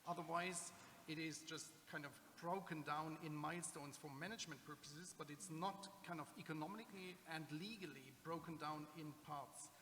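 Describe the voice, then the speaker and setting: A man whose first language is German, answering questions at a conference panel, halting with many fillers and restarts. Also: a little high, sharp tone. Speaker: conference speaker on public-sector accounting. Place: conference hall. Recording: reverberant hall with faint noise.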